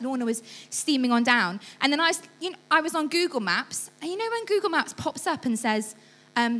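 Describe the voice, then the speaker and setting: A woman's voice: sits high, a little fast. A young woman giving a sermon, telling a story with lots of laughter and acted-out voices. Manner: lively storytelling, acts out voices, laughs often. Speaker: church speaker.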